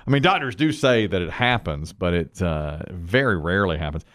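Animated male radio host. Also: sits low, dry recording, clean studio sound. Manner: animated, chatty, quick to laugh. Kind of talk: casual talk radio chat.

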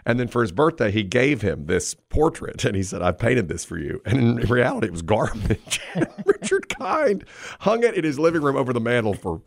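A man's voice: mid-range voice, wildly swooping pitch, normal speed, no echo. A man hosting a talk show, chatting casually and laughing while retelling a story. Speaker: radio show host. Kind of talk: casual chat.

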